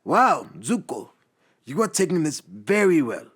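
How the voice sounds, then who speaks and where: A man voicing a kindly old uncle who is a wise general, speaking in a gentle, measured, drawn-out way. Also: fairly high pitch, sing-song, breathy edge, voice pushed up, full character voice.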